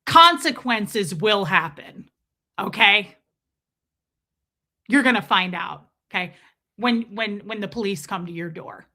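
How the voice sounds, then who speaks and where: A puffed-up man barks threats in loud, clipped bursts and ends each one with a sharp "okay?", as a woman mocks him. The voice stays bright and cutting. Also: mid-range voice, animated, slow, long pauses, heavily acted. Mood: threatening. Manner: loud, clipped, tacks on a hard "okay?" after each line. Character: menacing self-important man issuing threats.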